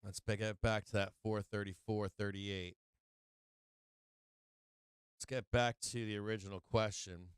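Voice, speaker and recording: A man with a fairly low, clear, resonant voice speaks a little slowly with long pauses, recorded without echo. He hosts a live stock-trading stream, brash and profane, trash-talking excitably and swinging from muttering to fired-up outbursts as he explains his trades.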